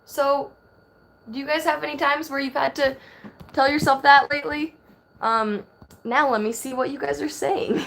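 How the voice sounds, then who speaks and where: A woman's voice: high voice, steady tone, moderate pace, vocal fry, pauses often, fairly bright tone. A woman in her thirties chatting casually on a phone live stream, rambling and reading viewer comments aloud. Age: 30s. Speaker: livestream host.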